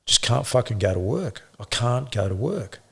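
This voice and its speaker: A middle-aged man, a former police officer, telling his story in an interview with blunt swearing and halting restarts. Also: mid-range voice, lively intonation, creaky, a bit bright, husky. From Australia.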